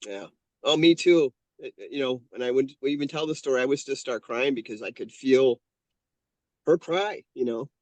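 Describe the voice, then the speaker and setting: A man in his fifties tells a personal story as an interview guest, speaking in an earnest, heartfelt way and often restarting his sentences. His voice sits at an ordinary pitch for a man. The recording is close and dry, with almost no room sound. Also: expressive, normal speed, darkish tone, no room sound, highs cut off. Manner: earnest, heartfelt, lots of self-corrections. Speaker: guest, painter and channeler.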